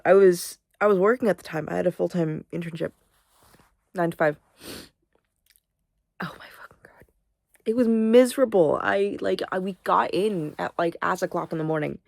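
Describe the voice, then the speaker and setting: Sleepy, sniffly young woman with a gravelly low voice. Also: no echo, studio quality. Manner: rambling, swears casually. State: sleepy, yawning; sniffly, congested. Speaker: vlogger. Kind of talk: casual vlog chat.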